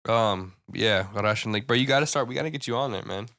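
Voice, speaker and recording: A young man co-hosting a podcast in casual chat, excitable, swearing often and laughing a lot. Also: medium pitch, quick pace, creaky, no room sound, studio quality. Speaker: podcast co-host.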